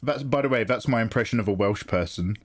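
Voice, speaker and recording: A man's voice: on the low side, fast talker. A man chatting casually on a live drawing stream, joking and self-mocking. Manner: joking, laughs between lines, self-mocking.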